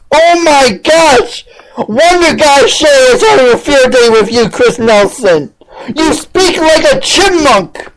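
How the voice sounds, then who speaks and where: A woman with a high voice hosts an online talk show and mocks a rival. Her commentary is sarcastic and full of exclamations. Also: slight background noise, low-quality recording. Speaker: podcast host. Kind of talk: ranting commentary on a played clip.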